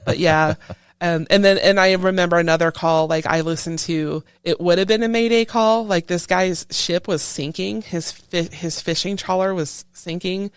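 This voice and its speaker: A woman, a retired Coast Guard chief petty officer, telling stories in a casual interview, lively and acting out other people's voices. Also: lowish voice, moderate pace, clear, resonant tone, no echo. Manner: lively, animated storyteller who acts out quoted voices.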